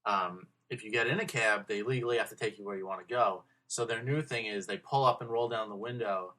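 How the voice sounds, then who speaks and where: A man's voice: fairly low pitch, fairly quick, sharp tone. A young man, a blunt, joking podcast guest explaining how city cabs work. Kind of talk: casual chat.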